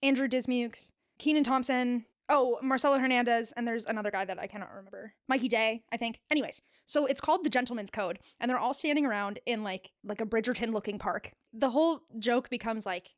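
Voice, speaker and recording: A woman's voice: on the high side, fairly quick, hardly any pauses, dry recording, clean studio sound. A woman co-hosting a casual chat show, telling stories in a rambling, giggly way with lots of fillers. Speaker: podcast co-host.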